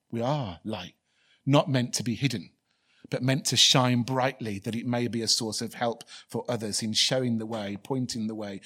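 A man's voice: medium pitch, a bit bright. Earnest male preacher. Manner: earnest, repetitive, rising to pleading questions. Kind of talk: sermon.

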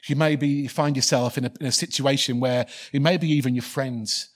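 A man's voice: mid-range voice, fairly even intonation, brisk. A man preaching a sermon in an earnest, repetitive way, building to pleading questions and ending in prayer.

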